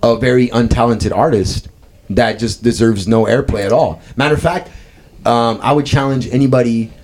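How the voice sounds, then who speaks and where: A young man hosting a podcast, ranting loudly and rambling in casual, profane chat. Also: medium pitch, normal speed, slight background noise. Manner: loud, profane, rambling rants. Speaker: podcast host.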